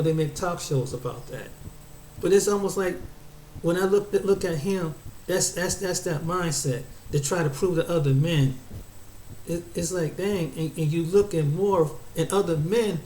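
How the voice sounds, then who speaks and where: Preachy man lecturing, halting restarts. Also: a little high, a little mellow, roomy sound, a little hiss or hum, rough recording. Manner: preachy, repeats and restarts words often. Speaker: commentator. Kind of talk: casual opinion monologue.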